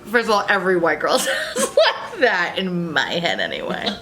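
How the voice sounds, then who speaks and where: A woman's voice: lowish voice, wildly swooping pitch, normal speed, bright, forceful tone. A woman in her thirties hosting a casual chat, telling stories animatedly, laughing often and swearing freely. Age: 30s. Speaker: host.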